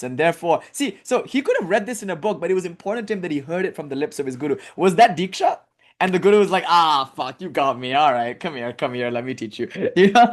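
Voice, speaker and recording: A man giving a casual, conversational talk as a spiritual teacher, telling stories with lively asides and filler words. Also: a little high. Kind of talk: casual lecture.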